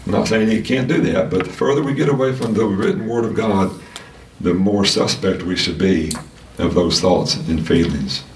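A man teaching a casual Sunday school lesson, talking in a halting way with many restarts and fillers. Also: deep voice, a little hiss or hum. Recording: roomy sound from a distant mic.

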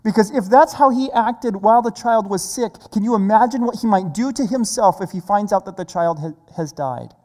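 A preacher giving a sermon in a measured, earnest way. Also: mid-range voice, darkish tone. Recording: long reverb of a large hall.

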